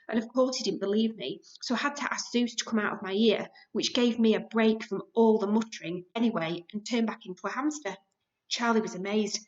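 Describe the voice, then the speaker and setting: A woman reading a children's book aloud in a lively storytelling manner. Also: medium pitch. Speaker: story reader. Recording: dull lo-fi recording.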